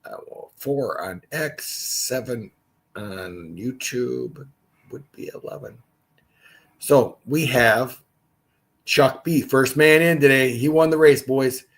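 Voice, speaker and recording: A man's voice: mid-range voice, slow pace, gravelly, rough recording. A man leading a casual livestreamed Bible study, reading scripture aloud and adding his own asides.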